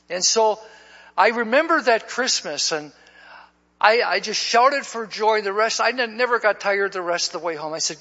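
A man's voice: sits high, unhurried, pushed and bright. A man preaching to his church, telling a personal story in a folksy way and often repeating his words at the start of a line. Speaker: pastor. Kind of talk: storytelling sermon. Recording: dull lo-fi recording in a reverberant hall.

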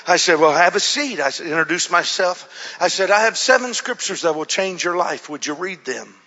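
A man preaching a sermon as a pastor, telling a story in an animated way, acting out quotes with shouts and whispers. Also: high-pitched, normal speed. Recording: dull recording in a hall with long reverb.

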